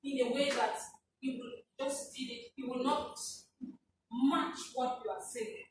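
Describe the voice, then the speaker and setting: A high-voiced woman runs a workshop, drawing answers from participants and often laughing as she coaxes them. She sounds far from the mic in a very echoey room. Steady background noise sits under her voice. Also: a little slow. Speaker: workshop facilitator. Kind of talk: interactive teaching, questioning participants.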